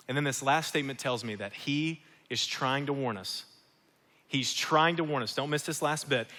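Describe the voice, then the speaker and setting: A man's voice: mid-range voice, moderate pace, bright, forceful tone. A man preaching a sermon as pastor, emphatic and repetitive, firing off rhetorical questions. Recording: long hall reverb.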